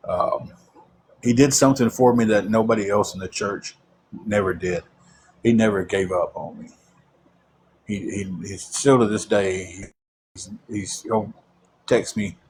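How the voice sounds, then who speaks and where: A man's voice: on the low side, a little hiss or hum. A man telling a long personal story about his faith, rambling with frequent restarts.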